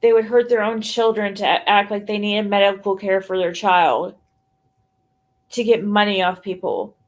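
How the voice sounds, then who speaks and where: A woman's voice: medium pitch, steady tone, moderate pace. A woman livestreaming a casual rant to her chat, blunt and profane, sounding exasperated as she talks things through.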